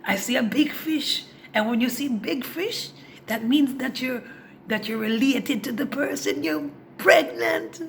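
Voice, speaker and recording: A woman voicing her insistent older Jamaican father, emphatic and loud, over a noisy background. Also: measured pace, vocal fry, full character voice. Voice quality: emphatic, loud and high-pitched.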